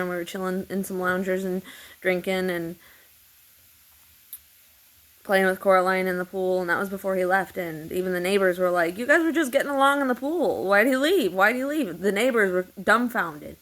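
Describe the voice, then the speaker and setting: A woman's voice: lowish voice, low-quality recording. A woman telling a long personal story in a meandering, repetitive way, swearing freely. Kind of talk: rambling personal monologue.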